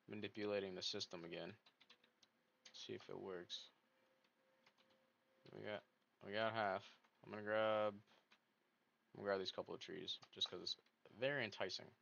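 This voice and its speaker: A man's voice: fairly low pitch, vocal fry, a bit bright. A man thinking aloud as he hosts casual gameplay commentary, rambling and poking fun at himself. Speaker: gaming video host. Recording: dull lo-fi mic with faint noise.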